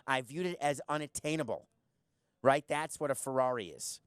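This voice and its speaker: A man hosting his own podcast, talking alone in a blunt, sarcastic way and piling up rhetorical questions. His voice sits at an ordinary middle pitch. The sound is dry and close, with no room around it. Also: lively intonation, moderate pace, smooth, no echo. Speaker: podcast host. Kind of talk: opinionated solo commentary.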